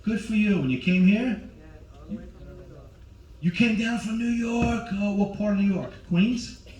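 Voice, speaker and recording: A man in his forties with a high, slightly mellow voice speaks a bit slowly while doing stand-up on a cruise ship. He's brash and teasing, working the crowd directly, and the rough recording comes from a distant mic in a roomy space.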